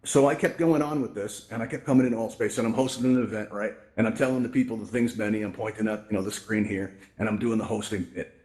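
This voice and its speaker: A man hosting a virtual reality event, telling stories in a casual, animated way and often checking in with "right?", on a VR headset mic. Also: lowish voice, quick pace. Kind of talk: casual live presentation with storytelling.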